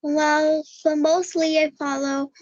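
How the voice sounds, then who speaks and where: A young girl from India speaks over a video call in Indian English, reaching for a British accent. Her voice is high and she hesitates, repeating words as she goes. The call audio is dry and dull. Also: level tone, slow, darkish tone, no room sound. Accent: Indian English, imitating British. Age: child.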